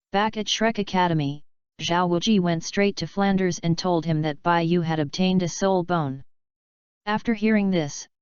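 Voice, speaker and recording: A woman narrating a fanfiction audiobook with a steady, even reading. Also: fairly low pitch, clear, resonant tone, dry recording. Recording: dull lo-fi recording.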